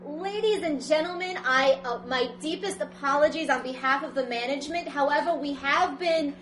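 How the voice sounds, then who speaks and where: High-voiced woman player, formal announcing. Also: normal speed, a bit bright, echoey room, a little hiss or hum. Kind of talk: in-character tabletop role-play.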